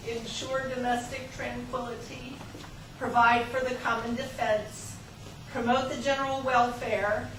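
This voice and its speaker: A woman assisting the class reads a text aloud in a steady, deliberate recitation. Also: on the high side. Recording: echoey room from far off, with hiss.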